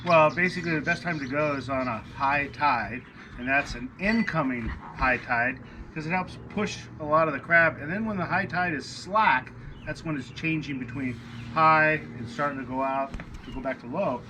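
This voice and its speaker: A man's voice: on the high side, normal speed, noisy background. A man, a clamming expert, explaining plainly in a casual way.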